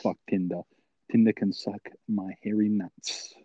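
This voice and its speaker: A young man co-hosting a podcast, telling stories with crude humour and frequent laughter. His voice sits fairly low. It is recorded dry, with a slightly dull, lo-fi sound. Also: a little slow, husky, no room sound. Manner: laughing, crude, animated storyteller. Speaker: podcast co-host. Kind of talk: casual podcast chat, storytelling.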